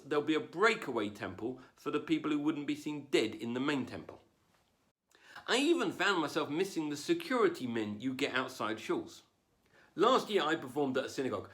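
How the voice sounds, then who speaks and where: Guy doing standup from home, no crowd, bouncy pitch, dry self mocking jokes. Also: a bit bright. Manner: wry, self-deprecating delivery with put-on voices. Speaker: stand-up comedian. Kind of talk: stand-up comedy monologue. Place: home, performing without an audience.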